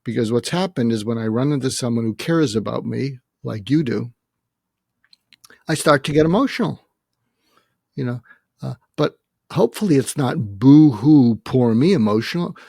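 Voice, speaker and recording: A man in his seventies, a psychiatrist guest, talking earnestly and haltingly in a reflective interview, emotional as he faces his own death. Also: medium pitch, lively intonation, vocal fry, a little mellow, no room sound, clean studio sound. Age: 70s. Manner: earnest, halting, many restarts and fillers.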